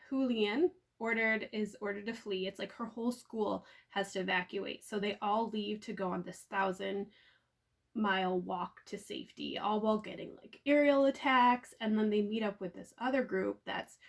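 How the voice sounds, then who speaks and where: A young woman talking casually and excitedly about the books she bought, with plenty of "um" and "like.". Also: mid-range voice, creaky. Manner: chatty, filler-heavy, excitable. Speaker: book vlogger. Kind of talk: casual book haul chat. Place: at home.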